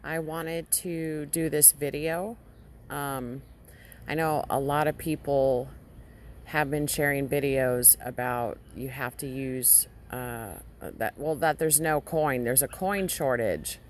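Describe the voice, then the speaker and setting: A woman vlogger casually recounting a dream to her audience, halting often and restarting her sentences. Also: rumbling low, steady tone, slight background noise. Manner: halting, with frequent restarts and fillers. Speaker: Christian vlogger.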